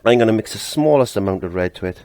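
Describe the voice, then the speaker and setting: A middle-aged man with a low, deep voice talks through a painting lesson in a casual, chatty way. He laughs at himself often and lets his sentences trail off while he concentrates on his brushwork. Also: expressive, quick pace, a little mellow, no echo. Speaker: painting teacher.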